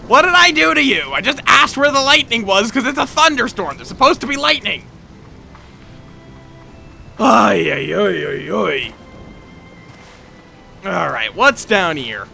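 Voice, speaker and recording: Young male streamer, bright gravelly voice, faint game music under him. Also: high voice, a little slow, pauses often. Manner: animated, chatty, swears, talks to chat. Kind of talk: casual gameplay commentary.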